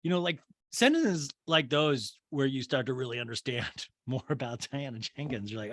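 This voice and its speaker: Gossipy animated male podcast host. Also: a little high, moderate pace, no echo. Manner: gossipy, animated, full of "like" asides. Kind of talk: comedic TV recap.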